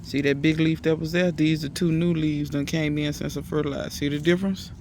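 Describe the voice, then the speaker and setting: A man's voice: a little high, level tone, a little fast, darkish tone, a little hiss or hum. A man in a casual gardening vlog, chatty and emphatic, talking to viewers outdoors in his garden. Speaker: home gardener.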